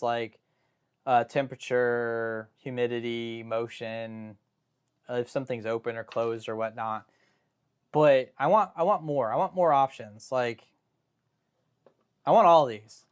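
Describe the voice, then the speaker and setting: A man's voice: mid-range voice, clear, resonant tone. A young man hosting a live stream, chatting casually and rambling through joking asides and self-interruptions.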